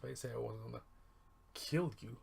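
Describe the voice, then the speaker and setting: A man's voice: mid-range voice, fairly quick, vocal fry, a little mellow, breathy edge. A man quoting a sly gloating leprechaun. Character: mischievous murderous leprechaun, small male creature.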